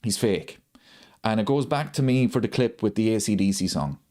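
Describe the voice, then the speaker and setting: A man's voice: fairly low pitch, animated, moderate pace, dark tone. A man hosting a live football watchalong, ranting and repeating his points for emphasis. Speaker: host of a football watchalong channel. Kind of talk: live stream chat.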